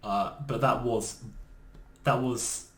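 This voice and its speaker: A man co-hosting a podcast in casual chat, animated and often searching for his words. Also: medium pitch, slow pace. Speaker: podcast co-host. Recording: echoey room.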